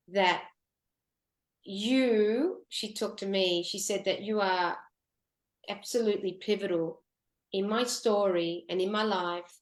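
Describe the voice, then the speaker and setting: A woman guest on a radio talk show telling an emotional personal story, often halting and restarting. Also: medium pitch, echoey room. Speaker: guest, photographer.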